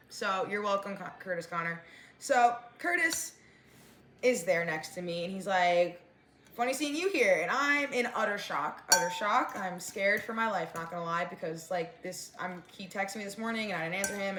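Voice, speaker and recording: A woman's voice: mid-range voice, fairly bright tone, reverberant, slight background noise. Chatty young woman ranting while eating. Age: 20s. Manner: chatty, fillers of like and whatever. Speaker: vlogger. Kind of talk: storytime rant.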